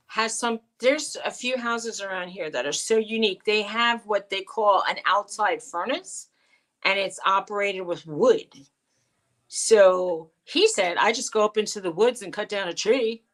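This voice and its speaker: A woman's voice: mid-range voice, unhurried, fairly bright tone, low-quality recording. A middle-aged woman co-hosting a casual live-stream chat, telling rambling stories and quoting the people in them. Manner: chatty storyteller, quotes people in her stories. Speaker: co-host.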